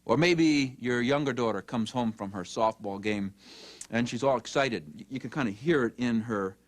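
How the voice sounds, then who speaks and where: A narrator giving a dramatic teaching talk, swinging between loud mock scolding and soft near-whispers. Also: medium pitch, moderate pace.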